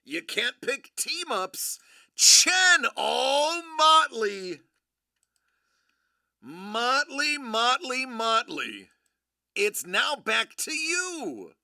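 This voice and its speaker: A live stream host giving excitable commentary, giddy and prone to laughing and shouting in bursts. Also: mid-range voice, very slow, gravelly, no echo, studio quality.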